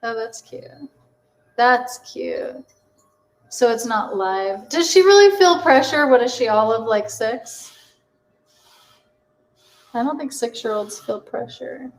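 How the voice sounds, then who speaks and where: A woman's voice: a little high, animated, measured pace, long pauses, low-quality recording. A woman hosting a casual cooking livestream, chatting with herself, laughing at her mistakes and answering viewers' comments. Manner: chatty, self-mocking, reads chat aloud and answers.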